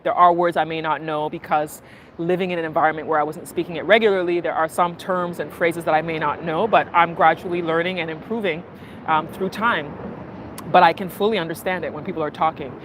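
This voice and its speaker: A woman vlogger chatting casually while riding in a car, telling stories in a lively way. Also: low voice, fairly quick, background noise. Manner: animated storytelling, acting out market sellers and her mother. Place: inside a moving car.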